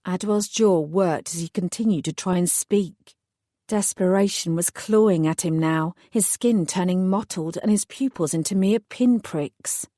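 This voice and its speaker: A woman narrating a paranormal romance audiobook in the first person with measured, wry delivery. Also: lowish voice, dark tone, dry recording, clean studio sound.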